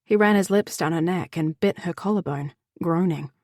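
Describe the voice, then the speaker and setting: A woman narrator reading a fantasy romance audiobook in a measured, even way. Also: lowish voice, no echo, studio quality. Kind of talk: scripted narration.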